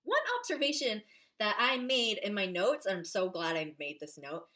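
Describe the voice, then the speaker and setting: A woman in a casual reaction vlog, gushing and excitable about an episode, full of "like" fillers. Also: medium pitch, moderate pace. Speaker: vlogger reviewing a TV episode.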